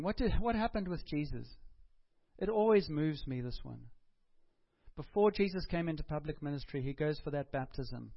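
A man's voice: a little high, lo-fi sound. A man preaching a sermon in a conversational way, putting questions to the congregation and taking their answers. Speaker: pastor.

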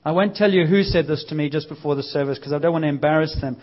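Lively high-voiced male preacher. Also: fast. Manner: energetic, conversational, lively acted quotes. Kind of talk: sermon. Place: church service. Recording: dull lo-fi sound.

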